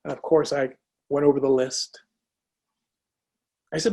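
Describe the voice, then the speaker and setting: A man's voice: medium pitch, a little slow, gravelly. A man telling a personal story in a motivational talk, acting out the dialogue as he goes. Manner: lively, acts out dialogue in anecdotes. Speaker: speaker.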